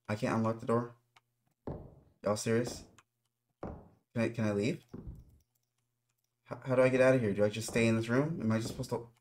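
A man's voice: medium pitch, darkish tone, a little hiss or hum. A man giving nervous running commentary while playing a horror game, talking straight to his viewers. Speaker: gaming YouTuber.

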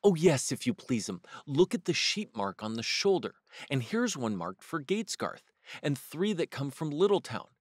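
A man's voice: on the high side, sing-song, moderate pace, no echo, clean studio sound. A man voicing a bustling, house-proud female hedgehog washerwoman in a storybook read-aloud, with a chatty, homely manner.

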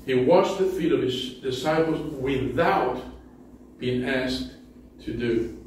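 A man's voice: mid-range voice, slow, darkish tone, a little hiss or hum. A male pastor preaching a sermon in a church sanctuary, telling stories with self-deprecating humor in a conversational way. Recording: very echoey hall, distant mic.

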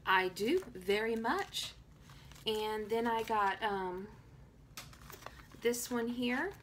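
A woman from Tennessee gushing excitedly as she opens happy mail at home in a casual vlog. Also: a little high, drawn-out words, a little hiss or hum. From Tennessee, USA. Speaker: planner vlogger.

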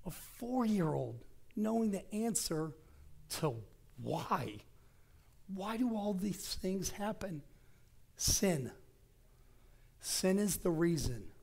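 With a fairly high, gravelly voice carrying a breathy edge, a middle-aged associate pastor preaches a sermon in a church sanctuary, shifting between loud bursts and soft whispers.

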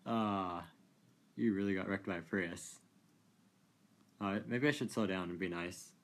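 A man giving casual, amused commentary while playing a racing game, chatty and quick to laugh. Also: low voice. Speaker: gaming video creator.

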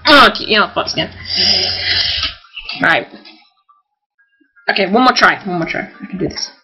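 A young man, excitably commentating his own gameplay, often swearing and shouting at the game. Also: high-pitched, normal speed, slightly rough, faint music behind, poor audio. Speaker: gamer.

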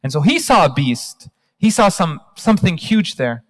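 A man in his thirties gives an animated storytelling talk as a guest speaker, engaging the audience, on a mic in a large hall. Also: fairly high pitch, normal speed. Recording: long hall reverb.

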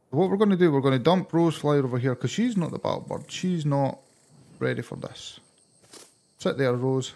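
A man with a Scottish accent giving excitable let's-play commentary as he plays, breaking into surprised exclamations. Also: a little high, creaky. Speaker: gaming channel host.

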